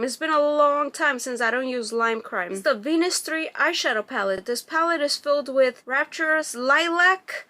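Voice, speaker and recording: A woman's voice: high-pitched, bright, forceful tone. A woman vlogger chatting through a beauty box unboxing, reading product labels aloud and gushing over packaging. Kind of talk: casual unboxing review.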